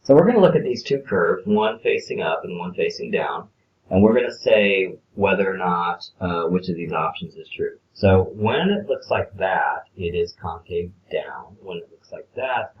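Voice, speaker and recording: Deep-voiced guy explaining math step by step, kinda dull lo-fi recording. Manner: casual, explains step by step with filler words. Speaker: math teacher. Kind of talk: screencast lesson walkthrough.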